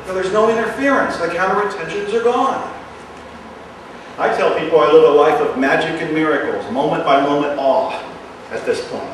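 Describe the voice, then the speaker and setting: Man, self-help speaker, earnest motivational delivery, distant mic in a boomy room. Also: very echoey, a little hiss or hum. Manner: earnest, repeats phrases in a hushed soft voice. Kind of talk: motivational talk to an audience.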